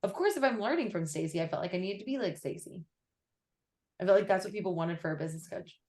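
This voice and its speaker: A woman's voice: lowish voice, expressive, quick pace, a little mellow. A young woman coaching a client on a call, chatty and full of fillers. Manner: chatty, filler-heavy, lots of "like". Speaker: business coach.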